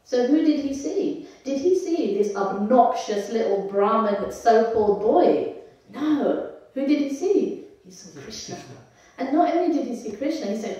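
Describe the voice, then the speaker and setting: A woman's voice: a little high, expressive, unhurried, warm tone. A woman giving a devotional scripture class in a conversational way, asking her audience questions as she goes. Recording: echoey temple hall, voice from far off.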